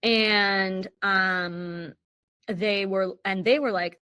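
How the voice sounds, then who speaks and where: A woman's voice: medium pitch, steady tone, extremely slow, sharp tone, clear, resonant tone, no room sound, clean studio sound. Chatty American woman telling her story. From United States. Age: 30s. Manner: rambling, full of "like" fillers and restarts, laughs often. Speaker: podcast guest. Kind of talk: casual personal storytelling.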